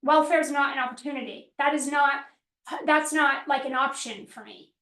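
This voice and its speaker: A woman's voice: high-pitched, normal speed, sharp tone. A woman business coach teaching a live workshop, emphatic and repetitive, acting out pleading voices to make her point. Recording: roomy echo.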